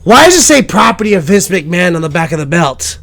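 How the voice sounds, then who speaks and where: Podcast co-host, man; high, gravelly, swinging pitch; taunting comic patter. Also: sing-song, brisk, a bit bright. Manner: taunting, rummaging aloud through a bag. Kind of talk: improvised comedy bit.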